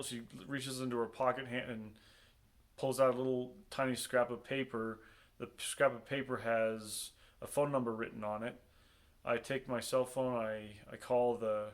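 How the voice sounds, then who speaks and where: Halting man with a flat voice. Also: medium pitch. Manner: halting, many ums and restarts. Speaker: podcast host telling a personal story. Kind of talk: casual first-person storytelling.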